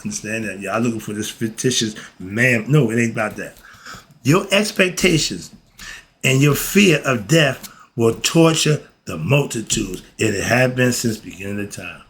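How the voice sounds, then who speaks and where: A man's voice: mid-range voice, normal speed, a bit bright. A man teaching philosophy in a casual, emphatic way, often throwing rhetorical questions at his listeners. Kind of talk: casual spoken lesson.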